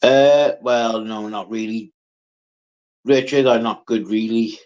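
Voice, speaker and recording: A man on a casual livestream, slowly chatting, swearing freely and answering viewers by name. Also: on the low side, steady tone, darkish tone, dull audio. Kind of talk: casual live chat.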